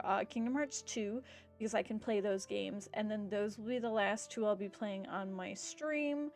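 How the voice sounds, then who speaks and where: A woman streamer chatting casually as she signs off, rambling with fillers and a bout of hiccups. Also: a little high. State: has the hiccups. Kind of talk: casual stream sign-off chat.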